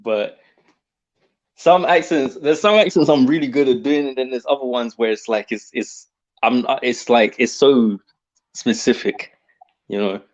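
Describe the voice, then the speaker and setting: A man with a British accent, chatting as a guest on a live stream in a relaxed, laughing way. His audio comes through dull and lo-fi. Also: mid-range voice, measured pace. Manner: laughing, easygoing. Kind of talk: casual chat.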